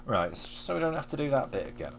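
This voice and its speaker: A man's voice: medium pitch, very animated, fast, creaky, fairly bright tone, faint music behind. Rambling, self-deprecating male game streamer. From Manchester area, England. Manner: self-deprecating, swears freely, thinks aloud. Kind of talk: casual rambling commentary while gaming.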